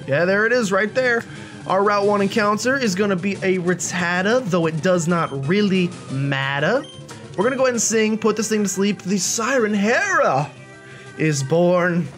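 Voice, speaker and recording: A young man hosting a video game let's play in a chatty, self-deprecating, animated way. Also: high voice. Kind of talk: casual game commentary.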